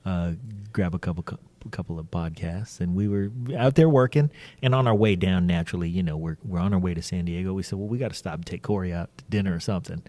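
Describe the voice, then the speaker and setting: A man hosting a casual podcast chat, telling stories in a lively, swearing way. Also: low voice, quick pace, hardly any pauses, no echo. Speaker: podcast host.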